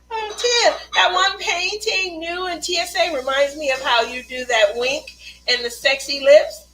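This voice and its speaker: A chatty woman hosts a casual craft livestream, laughing often as she reads out viewer comments. Her voice sits high and bright. A faint hum runs behind her. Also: steady tone, measured pace, poor audio. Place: Las Vegas.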